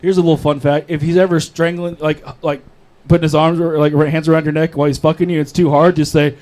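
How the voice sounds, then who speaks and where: A young man works an open mic crowd with a crude, mocking, rambling set. His voice sits high for a man. He is heard through a handheld stage mic in a comedy club. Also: flat delivery, quick pace, darkish tone. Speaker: stand-up comedian.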